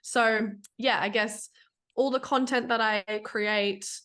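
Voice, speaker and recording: A woman's voice: on the high side, steady tone, slow pace, a bit bright. A woman who works as an online fitness coach, talking candidly and bluntly as a podcast guest, swearing freely and using lots of fillers. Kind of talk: casual interview chat.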